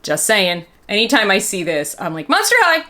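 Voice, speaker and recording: A bright, forceful-voiced woman in her fifties chats her way through a doll review. She tells stories animatedly, peppering them with "like" and little restarts, and gushes over the doll's pieces. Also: fairly low pitch, normal speed. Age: 50s. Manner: chatty, animated storyteller with many "like" fillers; enthusiastic about the doll. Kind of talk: casual vlog chat and storytelling.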